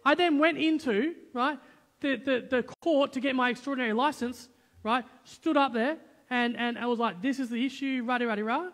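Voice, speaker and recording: A male pastor preaching a sermon, telling a personal story in a lively, conversational way with quoted dialogue. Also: very high-pitched, moderate pace. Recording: long church hall reverb.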